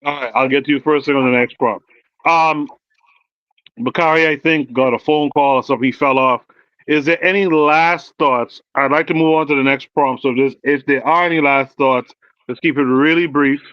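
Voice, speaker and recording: A man hosting a panel talk show, calmly moderating and reading out chat comments. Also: mid-range voice, no echo, lo-fi sound. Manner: calm, measured, reads chat comments.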